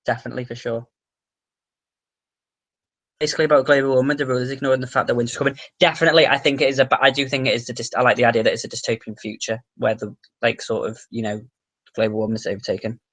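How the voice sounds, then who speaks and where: A man's voice: mid-range voice, level tone, racing, a bit bright. Rambling young man on a livestream. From England. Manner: rambling, swears casually, many fillers and restarts. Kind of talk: casual livestream chat. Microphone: webcam.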